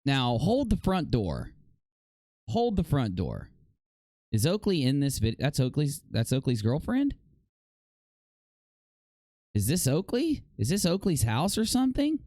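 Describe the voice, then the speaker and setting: A man's voice: huge pitch swings, a little slow, long pauses, no echo, studio quality. A man hosting a casual livestream, reacting with dramatic mock outrage and repeating himself. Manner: dramatic mock outrage, jumping to loud high shouts. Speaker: livestream host.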